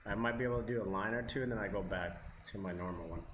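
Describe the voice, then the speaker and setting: A man's voice: lowish voice, racing, fairly bright tone. A man vlogging as he eats, chatting casually in a rambling way and chuckling often. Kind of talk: casual chat while eating on camera. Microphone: camera mic. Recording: roomy with background noise.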